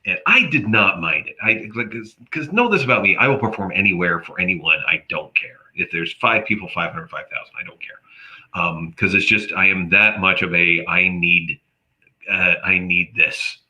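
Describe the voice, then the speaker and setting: A man's voice: low voice, normal speed. Man, comedian, storytelling, voices the people in it, dull lo-fi sound. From Canada. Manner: animated, acts out quoted voices. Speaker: comedian guest. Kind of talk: casual storytelling chat. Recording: dull lo-fi audio.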